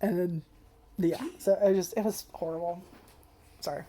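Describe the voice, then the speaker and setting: A woman's voice: on the low side, fairly even intonation, moderate pace, warm tone, a little hiss or hum. A woman giving a casual, profane video review, rambling with lots of "like" and getting emotional and tearful at times. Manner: rambling and profane, heavy use of "like". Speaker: anime reviewer. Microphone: camera.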